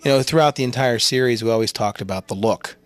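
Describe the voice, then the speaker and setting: A man's voice: mid-range voice, fast talker. A man who directed the show, chatting on a commentary track in a rambling, encouraging way. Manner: rambling, encouraging, many fillers. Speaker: show's director and editor. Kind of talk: casual commentary chat.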